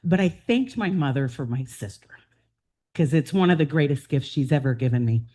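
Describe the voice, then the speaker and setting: A woman in her fifties, president-elect of a club, talking casually and warmly through family photos at a meeting, with frequent "um"s. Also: mid-range voice. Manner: chatty and heartfelt, with fillers and laughs. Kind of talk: personal slideshow talk to a club meeting. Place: meeting room.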